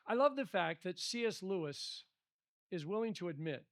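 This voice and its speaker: A middle-aged pastor leads a Bible study, telling stories in an animated, conversational manner at a moderate pace. His voice is fairly high for a man, and the sound is dry and close with no room sound.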